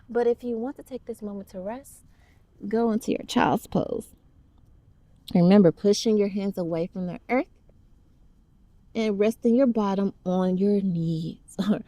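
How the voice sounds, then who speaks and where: A woman leads a children's yoga class, talking along as she moves through the poses with upbeat, playful encouragement. Her voice is mid-range and warm, recorded with no room sound.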